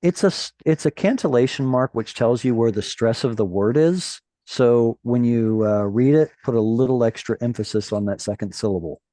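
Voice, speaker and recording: A man's voice: mid-range voice, moderate pace, few pauses, no room sound. A man tutoring a student in Hebrew reading, patiently correcting pronunciation over a video call. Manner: encouraging, corrects pronunciation gently. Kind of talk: patient one-on-one reading lesson.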